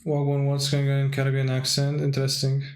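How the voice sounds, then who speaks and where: A man's voice: medium pitch, completely flat delivery, a little fast, darkish tone, reverberant. A man streaming himself playing a card game, talking through his plays and answering chat viewers as he goes. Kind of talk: casual gameplay commentary.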